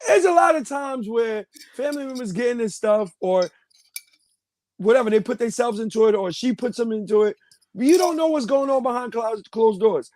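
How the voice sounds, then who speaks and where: A man's voice: very high voice, moderate pace, a little mellow, a little hiss or hum. A man talking casually as a podcast guest, emphatic and repeating his points. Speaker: podcast guest, party promoter. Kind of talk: casual interview chat.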